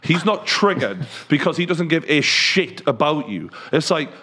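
A man's voice: a little high, sing-song, moderate pace, pushed and bright, husky. A man co-hosting a football podcast, blunt and jokey, swearing freely in casual banter. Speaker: podcast co-host, football fan.

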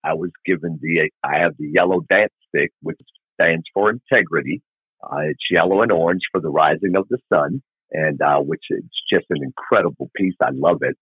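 A man's voice: low-pitched, moderate pace, husky, no echo, phone-quality sound. A middle-aged man from Arkansas, rambling through a long motorcycle story as a podcast guest and acting out the people in it. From Arkansas, USA. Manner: rambling, animated retelling with quoted dialogue. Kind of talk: casual storytelling.

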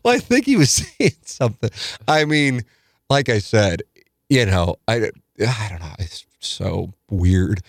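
A man's voice: lowish voice, big pitch swings, measured pace, creaky, no room sound, clean studio sound. A middle-aged man hosting a podcast in casual chat, tired and yawning, rambling and swearing freely. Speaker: podcast host.

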